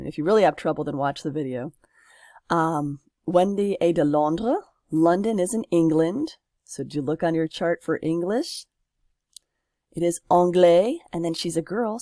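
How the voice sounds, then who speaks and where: Woman teacher, lowish voice, patient step-by-step explainer, dry close mic. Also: mellow, dry recording. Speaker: French teacher. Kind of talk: recorded classroom lesson.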